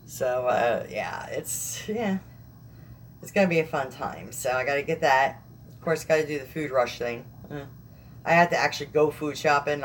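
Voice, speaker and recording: A woman's voice: deep voice, slight background noise. A young woman vlogger chatting casually on a live stream, rambling and laughing often.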